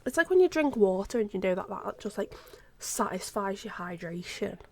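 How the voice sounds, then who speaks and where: A woman's voice: medium pitch, big pitch swings, moderate pace, slight background noise. A young woman chatting casually on a live stream, bubbly and rambling, with a sore throat. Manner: chatty, bubbly, drifts into whispers.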